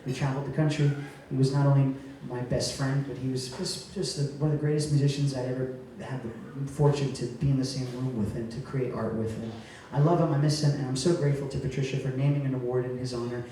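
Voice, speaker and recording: A man from Rhode Island, a cabaret singer speaking to a live audience as he presents an award, chatty and joking, then going soft and tender. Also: medium pitch, steady tone, quick pace, few pauses, a little hiss or hum. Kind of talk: live stage speech to an audience. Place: cabaret venue stage. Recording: echoey room heard from a distance.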